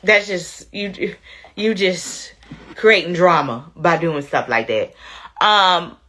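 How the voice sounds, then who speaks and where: A woman with a low-pitched voice hosts a casual livestream while she has a cold. She chats loosely with her viewers, often tossing in "you know what I'm saying.". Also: takes it slowly, pushed and bright. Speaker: livestream host. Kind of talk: casual livestream chat, reading a viewer's story.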